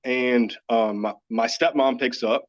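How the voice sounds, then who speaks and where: A man's voice: medium pitch, steady tone, unhurried. Candid man telling his story, lo-fi. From Dallas, Texas. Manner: earnest, candid, filler-heavy with frequent "like". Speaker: podcast guest, yoga teacher. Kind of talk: personal storytelling in casual chat. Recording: dull lo-fi audio.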